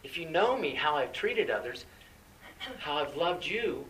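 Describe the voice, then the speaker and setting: A man's voice: a little high, very animated, unhurried, a bit bright, distant mic, a little hiss or hum, poor audio. A man preaching a conversational sermon, asking his listeners questions and answering them.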